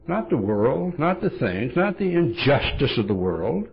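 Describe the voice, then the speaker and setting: A man with a gravelly, rough-edged voice tells stories from the podium in a blunt, wry way. His pitch swings widely as he acts out bits of dialogue. It comes through a dull, lo-fi tape recording. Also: sing-song, measured pace, hardly any pauses, soft background music. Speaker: recovery meeting speaker. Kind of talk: humorous storytelling talk.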